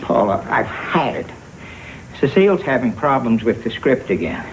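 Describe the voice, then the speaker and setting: A man's voice: mid-range voice, sing-song, moderate pace, lightly acted, rough recording. An actor playing an exasperated, self-mocking male TV director in a sitcom. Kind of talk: sitcom acting with laugh track. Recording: hissy TV audio, studio audience laughter.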